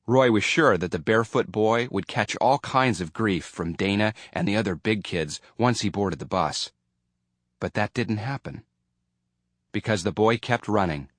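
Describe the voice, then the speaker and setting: Low-voiced man reading an audiobook. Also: a bit bright, no echo. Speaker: audiobook narrator. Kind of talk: scripted narration.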